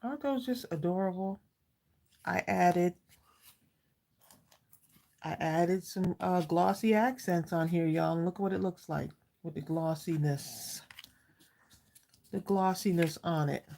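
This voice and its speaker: A woman's voice: fairly low pitch, slow pace, creaky, long pauses, warm tone. A woman hosting a live crafting stream, chatting casually with viewers, greeting them by name and saying "y'all" a lot. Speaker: craft livestream host.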